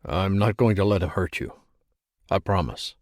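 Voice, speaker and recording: A man voicing a calm, protective male Marine major who reassures a frightened woman. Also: deep voice, moderate pace, dry recording, clean studio sound, pitched below the performer's own voice, close to an everyday voice. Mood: reassuring.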